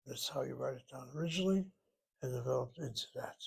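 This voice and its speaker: Here a man speaks fast, his medium-pitched voice slightly rough with vocal fry, as he teaches Hebrew from a textbook. In this self-study lesson he reasons aloud, poses questions to himself and spells words.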